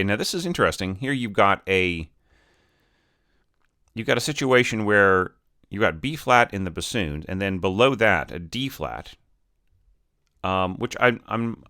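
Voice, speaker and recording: A man's voice: fairly low pitch, lively intonation, normal speed, sharp tone, no room sound, clean studio sound. A man teaching orchestration, talking casually through student scores and scatting musical lines to show phrasing. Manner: loose and conversational with many fillers. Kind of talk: informal spoken critique of student scores.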